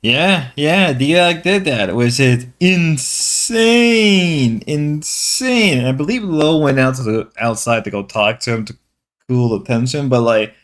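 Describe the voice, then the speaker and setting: A man's voice: medium pitch, moderate pace. A man streamer giving casual commentary on clips, rambling and incredulous, repeating himself.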